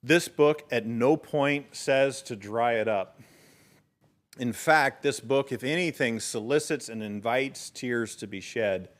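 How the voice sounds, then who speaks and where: A man's voice: mid-range voice, takes it slowly. A middle-aged man preaching a sermon in a church as pastor, earnest and storytelling, rising in emphasis at key points. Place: church sanctuary.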